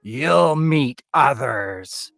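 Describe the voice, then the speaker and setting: A man voicing a frail, menacing old woman with slow, drawn-out eerie calls. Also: medium pitch, animated, gravelly, a bit bright, no room sound, clean studio sound, soft background music, voice pushed up, heavily acted. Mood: screaming.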